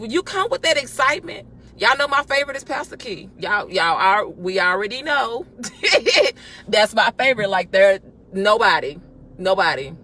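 A woman giving a lively, exhorting devotional while driving, recorded on a phone in her car. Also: fairly high pitch, a little hiss or hum. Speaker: church member giving a devotional. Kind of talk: casual spoken devotional.

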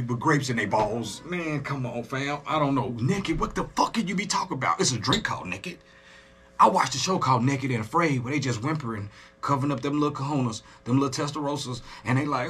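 A man hosts a music reaction, riffing and joking to his audience in loose, profane chat. His pitch is very animated, jumping high and dropping low. A faint hiss of noise sits under his voice. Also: a little fast. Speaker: reaction video host. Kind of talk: casual reaction commentary.

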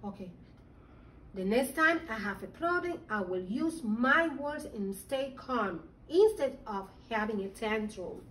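A woman teacher with a high, bright voice reads a feelings lesson aloud to small children. She is animated and acts out the children's moods as she goes. The sound is roomy and a little distant, with faint background noise. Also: a little slow. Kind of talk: reading a social-emotional lesson to young children. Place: classroom.

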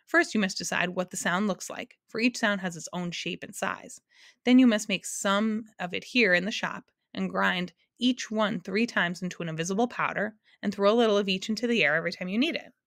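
A woman voicing a wistful, stubborn female sound keeper who is quick to scold. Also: medium pitch, gravelly, fairly bright tone, no echo, clean studio sound.

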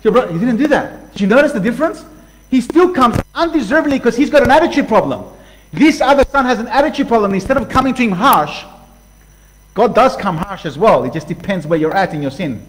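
A middle-aged man delivers a conversational sermon. His voice sits a bit high for a man, and he reads scripture aloud with energy, stopping to talk straight to the congregation. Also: rough recording. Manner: animated, conversational preaching with reading aloud of scripture. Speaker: preacher.

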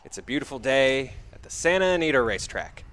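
A man narrating a tabletop game as game master, relaxed and full of fillers. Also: medium pitch, quick pace.

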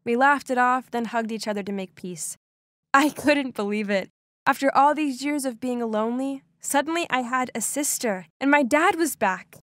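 A young woman narrates a first-person animated story with expressive, dramatic delivery. Her voice is fairly high. The recording is dry and close, with no room sound. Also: normal speed, no room sound.

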